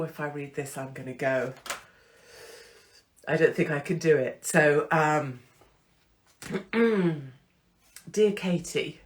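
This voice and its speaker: A middle-aged woman hosting her online show, talking to followers in a casual, blunt, chatty way and swearing freely. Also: low-pitched. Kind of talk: casual unscripted monologue to followers.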